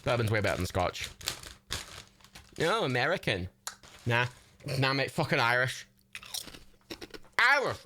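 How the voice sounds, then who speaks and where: This livestream host's bright, forceful voice takes huge pitch swings, moving a little slowly with long pauses over slight background noise. He talks casually into a microphone with viewers during a shared movie, cursing freely and frequently bursting into laughter.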